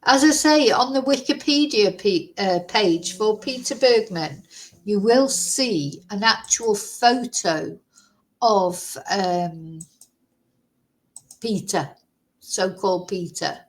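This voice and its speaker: Woman, vlogger, casual chat, musing aloud, rhetorical questions, mid pitch. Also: animated, takes it slowly, low-quality recording.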